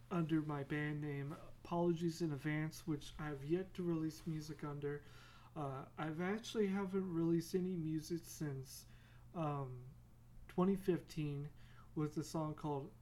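A man's voice: on the high side, a little mellow, slight background noise. A man hosting a casual solo podcast, rambling with many fillers and self-deprecating humor. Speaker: podcast host.

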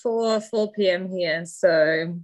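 A woman's voice: on the low side, slow pace, poor audio. An Australian woman talking as a podcast guest, easygoing and laughing often. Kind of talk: casual chat.

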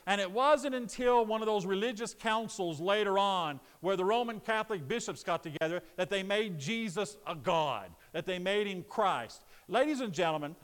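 A male pastor delivers a sermon, steady and explanatory at first, then loud and emphatic. His voice sits high and rings smooth and resonant. The sound carries the long reverb of a church sanctuary. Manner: builds from calm teaching to loud emphatic preaching.

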